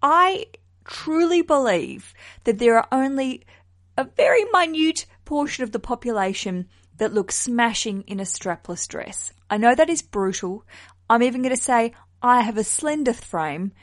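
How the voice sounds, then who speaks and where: Frank, expressive woman podcast host. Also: fairly high pitch, a little slow. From Australia. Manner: expressive, frank, swears casually. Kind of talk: casual chat.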